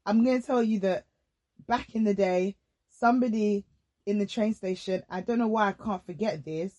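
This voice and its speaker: A woman hosting a casual faith-based podcast conversation. She speaks earnestly and reflectively, often pausing to rephrase. Her pitch is mid-range. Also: mellow, lo-fi sound. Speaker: podcast host.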